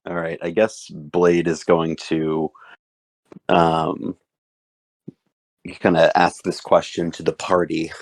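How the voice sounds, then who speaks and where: A man playing a tabletop game on a voice call, talking in a slow, halting way with fillers. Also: low-pitched, completely flat delivery, gravelly, a little mellow, no echo. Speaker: player. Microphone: headset or desk mic on a voice call.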